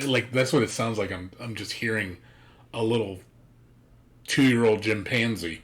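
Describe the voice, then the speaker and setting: A man's voice: fairly low pitch, unhurried, long pauses, fairly bright tone. A man streaming a game, chatting casually with a blunt, profane, ranting manner. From United States. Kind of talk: casual chat.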